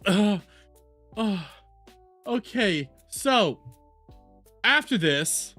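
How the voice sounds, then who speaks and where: This is a woman doing live reaction commentary on a stream, speaking bluntly and cursing without hesitation. She talks slowly, and her voice rises and falls a great deal. Faint music plays underneath. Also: mid-range voice, expressive, fairly bright tone, dry recording. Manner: blunt, swears freely, thinks aloud.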